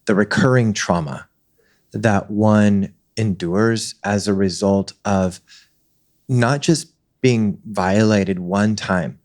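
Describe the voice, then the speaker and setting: Earnest lower-voiced male host. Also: takes it slowly, a little mellow. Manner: earnest, rambling long questions. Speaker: interview host. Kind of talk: interview questions.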